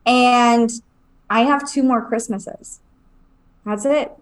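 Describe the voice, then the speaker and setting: A woman's voice: on the high side, fairly even intonation, slow pace. A woman in her forties co-hosting a podcast, chatting candidly and getting teary. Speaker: podcast co-host. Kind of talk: casual chat.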